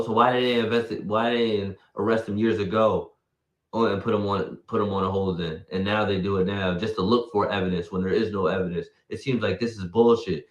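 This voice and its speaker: A man with a fairly low voice reacts to news on a live stream, blunt and profane. He talks straight to his chat, and the sound is dull and lo-fi in a roomy space.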